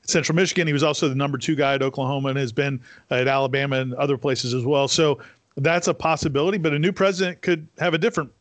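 A man's voice: mid-range voice, steady tone, quick pace, dry recording. A man co-hosting a sports talk show, giving blunt, rambling analysis with frequent restarts.

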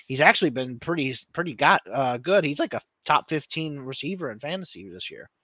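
Man, podcast co-host. Bright, loose casual chat, muffled lo-fi recording. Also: on the high side, animated, a little fast, dry recording. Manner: rambling, thinks aloud with fillers. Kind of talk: casual fantasy football chat.

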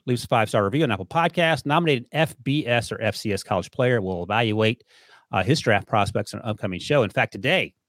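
A man's voice: medium pitch, dry recording, studio quality. Upbeat joking male podcast host. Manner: upbeat, joking, plugs the show. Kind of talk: casual podcast chat.

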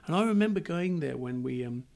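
A man's voice: a little high, lively intonation, fairly quick, gravelly, a little mellow. A middle-aged man chatting casually, telling rambling anecdotes with restarts and laughter. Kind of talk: casual chat.

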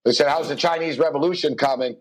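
A man's voice: fairly high pitch, fast, poor audio. A man hosting a sports betting talk show, telling stories animatedly and acting out the dialogue with laughs. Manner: animated storyteller who acts out dialogue, laughing often. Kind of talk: casual chat.

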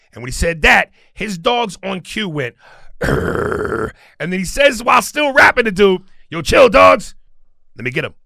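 A man's voice: on the high side, creaky, pushed and bright, no room sound, clean studio sound. A man on a podcast telling a comedic story with lots of energy, acting out the scenes as he goes. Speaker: podcast guest.

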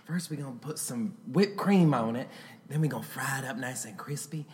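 A man's voice: medium pitch, brisk, in a large hall, close to an everyday voice. A man doing an impression of a Southern celebrity cook with a put-on Southern US accent, giving folksy cooking instructions. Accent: fake Southern US accent.

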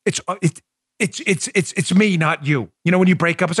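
A man hosting a political talk podcast, talking in an animated, joking monologue that slides into mock pleading. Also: a little high, normal speed, slightly rough, dry recording, clean studio sound. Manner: excitable, mock-pleading, jokey. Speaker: political talk show host.

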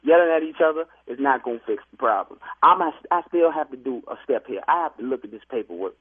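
Husky fast-talking man on a phone line. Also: mid-range voice, expressive. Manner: defensive, stammering, argumentative. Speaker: funeral home worker. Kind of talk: prank phone call comedy bit.

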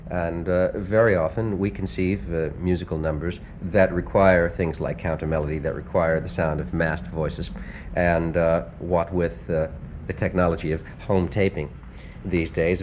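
A man, a composer being interviewed, speaking earnestly in a hesitant way with many pauses and restarts. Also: low-pitched, darkish tone, a little hiss or hum. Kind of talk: casual interview talk.

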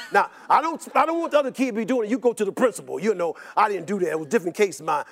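An older man telling stories about his life in an interview, animated and rambling, repeating words and often laughing. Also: high-pitched, racing, vocal fry. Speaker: interview guest. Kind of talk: personal storytelling in an interview.

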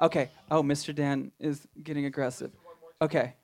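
A woman's voice: low-pitched, little pitch movement, normal speed, darkish tone. A woman hosting a live podcast show on stage, playful and giggly, often laughing at herself. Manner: playful, giggly, self-deprecating. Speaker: podcast host. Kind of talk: live podcast chat with guests. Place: small theater stage, live audience.

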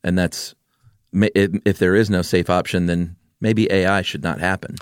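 A man with a very low, deep voice chatting on a casual podcast. He jumps in with jokes and asides in a relaxed, talkative way. The recording is close and dry. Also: smooth, no room sound. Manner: chatty, joking, quick to chime in. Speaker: podcast co-host.

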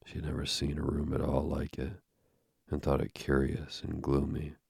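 A man narrating an audiobook in a measured, steady reading with a gravelly voice. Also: very deep voice, dry recording, clean studio sound.

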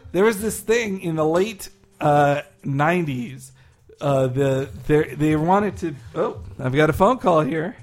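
A man's voice: fairly high pitch, animated, takes it slowly. A young man hosting a podcast, chatting casually in a rambling, jokey way with many fillers. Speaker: podcast host. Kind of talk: casual chat.

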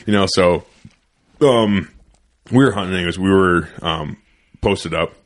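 A man's voice: low voice, measured pace. A young man hosting a podcast, telling a loose, profane, rambling story in a casual studio chat. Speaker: podcast host.

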